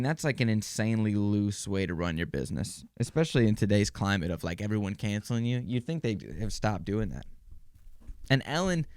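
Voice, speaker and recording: A man's voice: on the low side, a little mellow, clear, resonant tone, dry recording, clean studio sound. A young man hosting a solo comedy podcast, rambling sarcastically and trailing off mid-sentence. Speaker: podcast host. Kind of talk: casual solo comedy monologue.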